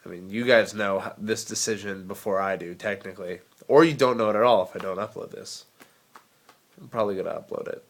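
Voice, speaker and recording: A man's voice: lowish voice, a little fast. A young man talking straight to camera in a casual vlog, rambling through tangents with self-deprecating asides, a little drowsy from cold medicine. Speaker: vlogger.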